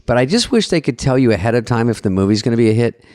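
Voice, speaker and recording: A man's voice: big pitch swings, very fast, over a noisy crowd. A man co-hosting a podcast, telling a rambling story and acting out quotes in bursts. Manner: rambling storyteller, acts out quotes with jumpy pitch. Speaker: co-host. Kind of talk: casual podcast chat.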